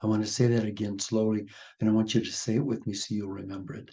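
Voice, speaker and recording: A man hosting a weekly spiritual talk, speaking gently and repeating phrases in a meditative way. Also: lowish voice, flat delivery, quick pace, few pauses. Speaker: spiritual teacher and host. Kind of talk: sermon-like reflection and reading. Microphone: video call.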